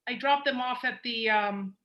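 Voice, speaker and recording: A woman filmmaker on a panel, telling an emotional story with animated energy and laughing now and then. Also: fairly high pitch, moderate pace, highs cut off.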